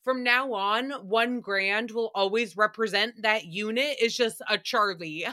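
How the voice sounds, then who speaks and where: A young woman hosting a podcast, recapping gossip in a casual, animated way, laughing often and swearing freely. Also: a little high, a little slow. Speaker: podcast host.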